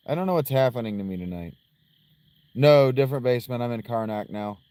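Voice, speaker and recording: A man's voice: mid-range voice, expressive, a little fast, mellow, smooth, no room sound. A man streaming a video game, chatting casually with jokes, self-mockery and the odd swear word. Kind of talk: casual gameplay commentary.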